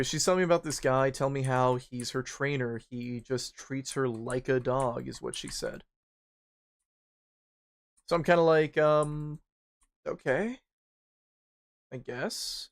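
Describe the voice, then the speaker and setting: While gaming on stream, this young man tells a personal story in a loose, rambling way. He curses without holding back and breaks into high, squeaky bursts to act out panic. His voice is gravelly.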